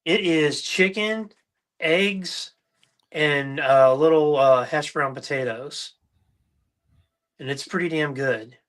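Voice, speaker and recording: A middle-aged man hosting a podcast, chatting casually and telling animated stories, now and then mimicking other people's voices. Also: fairly high pitch, slow pace, pauses often. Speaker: podcast host. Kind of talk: casual chat.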